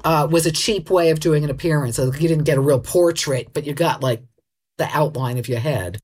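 A woman co-hosting a casual chat, playful and quick to laugh, reading listener emails. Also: low-pitched, a little mellow, breathy edge. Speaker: podcast co-host.

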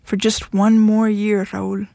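A woman's voice: mid-range voice, level tone, slow pace, gravelly, mellow, dry recording, studio quality. A woman reading the lines of a blunt young woman who speaks firmly and coolly to her husband.

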